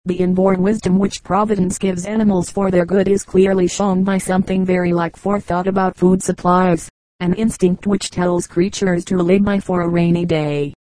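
A woman narrating an audiobook of children's stories in a measured, even reading. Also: lowish voice, dry recording, low-quality recording. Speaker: audiobook reader. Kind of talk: storybook narration.

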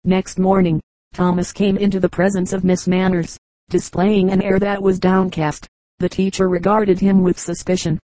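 A woman narrates an audiobook of short comic anecdotes in a steady, even reading. Her voice is low, dark and mellow, with little rise and fall. The recording is dry and close. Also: moderate pace, no room sound, poor audio. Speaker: audiobook reader. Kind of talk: scripted narration of humorous anecdotes.

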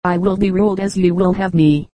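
A woman's voice: on the low side, steady tone, fairly quick, mellow, no echo, lightly acted. A woman reading the lines of a treacherous, jealous male knight with sullen, archaic speech.

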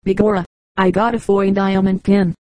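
A woman's voice: mid-range voice, flat delivery, normal speed, mellow, no echo, natural voice. A woman voicing a jovial Irishman from a joke, with a jaunty brogue.

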